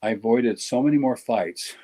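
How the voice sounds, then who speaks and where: On a casual podcast, a middle-aged guest speaks at a moderate pace with a mellow, mid-range voice, captured on a rough recording. His manner is blunt and jokey, and he keeps interrupting himself to restart his sentences.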